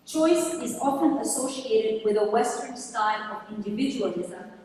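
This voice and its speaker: Woman giving a lecture, kinda high voice, measured reading, far off mic in a big echoey hall, faint hiss. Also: lively intonation, darkish tone. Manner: measured, reading from prepared text. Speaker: university lecturer. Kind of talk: academic lecture.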